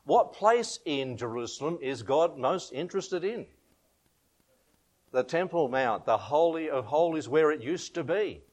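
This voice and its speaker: Preaching informally with a Bible reading, a middle-aged Australian man leads a prayer and shares homely stories, chuckling at his own anecdotes in a chatty way. He speaks a little slowly in an animated voice on the high side.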